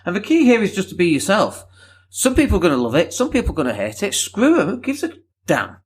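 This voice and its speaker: Brief: male podcaster, 30s, Leeds accent worn down by London, slightly higher voice, rambling and unpolished. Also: huge pitch swings, fast talker, husky. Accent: softened Northern English (Leeds). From Leeds, England. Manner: rambling, candid, casual with mild swearing. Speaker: podcast host. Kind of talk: solo podcast monologue.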